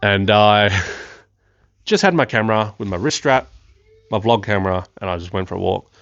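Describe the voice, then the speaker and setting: Young aussie bloke, lowish voice, swears a lot, excitable storytelling, dry slightly muffled podcast audio. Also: male voice, moderate pace, dry recording. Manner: excitable, swears freely, laughs often. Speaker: podcast host. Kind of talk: casual storytelling.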